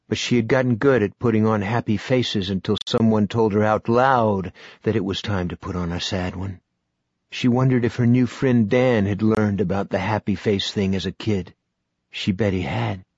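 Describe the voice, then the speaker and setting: Husky-voiced male audiobook narrator. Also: lowish voice, darkish tone, dry recording, highs cut off. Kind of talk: scripted narration.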